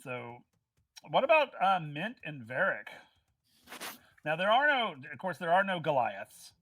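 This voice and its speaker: A man narrating as game master of a tabletop game, chatty and animated, with many fillers. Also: a little high, measured pace, no echo.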